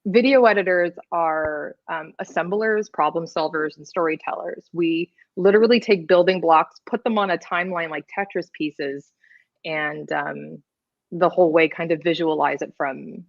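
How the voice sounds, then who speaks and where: A Canadian-born woman, a video editor, chatting casually as a podcast guest, explaining with lots of fillers and quick laughs. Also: deep voice, creaky, no echo, lo-fi sound.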